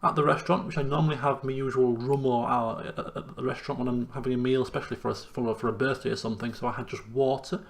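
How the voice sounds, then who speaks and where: Chatty gravelly-voiced man vlogging. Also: medium pitch, quick pace, few pauses. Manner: chatty and self-deprecating, lively ups and downs. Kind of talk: casual diary vlog.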